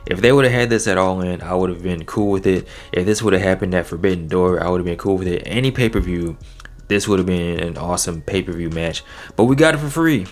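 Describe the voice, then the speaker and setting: A low-voiced man talks through a wrestling episode in a relaxed, slangy way. He sounds like he is chatting with friends. His pitch jumps up when he gets excited. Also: fast talker, soft background music. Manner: laid-back slangy talk, animated swings in pitch. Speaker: wrestling show reviewer. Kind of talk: casual solo review recap.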